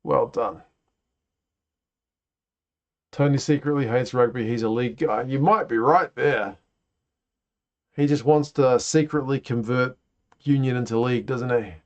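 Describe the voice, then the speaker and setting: A man's voice: mid-range voice, moderate pace. A man hosting a casual live watch-along, reacting to play and chatting with viewers. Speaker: livestream host. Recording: dull lo-fi stream audio.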